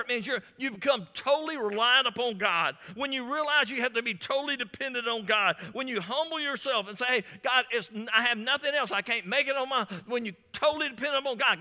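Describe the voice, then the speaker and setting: High, bright-voiced preaching man. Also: brisk, hardly any pauses. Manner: fervent preaching with repeated restarts. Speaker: pastor. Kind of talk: sermon. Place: church sanctuary. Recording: church hall reverb.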